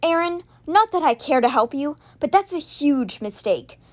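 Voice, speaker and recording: A woman's voice: high-pitched, lively intonation, normal speed, pitched above the performer's own voice. A woman voicing an angry, defiant young male wizard confronting his brother, bitter and heated.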